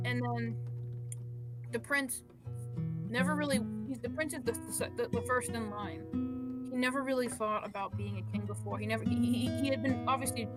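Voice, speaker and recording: Rambling woman, loud guitar behind. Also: a little high. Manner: rambling, with frequent restarts and asides. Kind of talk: improvised storytelling in casual chat. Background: guitar music.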